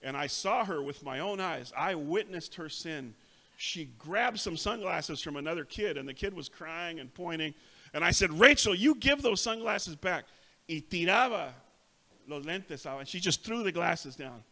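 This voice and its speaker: A bright, fairly high-voiced middle-aged man preaches from a church pulpit. He tells stories in an animated way, acting out the voices of the people in them. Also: moderate pace. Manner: animated storytelling, acts out voices. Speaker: pastor. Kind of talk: bilingual sermon, self-translating. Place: church sanctuary.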